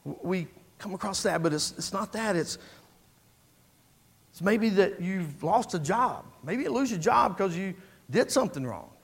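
A man's voice: high-pitched, lively intonation, a little slow, gravelly, husky. A man preaching a sermon in a conversational way, asking the congregation rhetorical questions and often restarting his words. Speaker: pastor.

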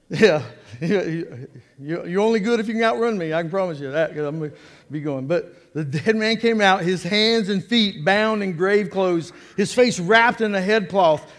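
High-voiced preacher in an echoing hall. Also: male voice. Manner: animated and joking, drawing in the congregation. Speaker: pastor. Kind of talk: sermon. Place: church sanctuary. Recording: long reverb of a church hall.

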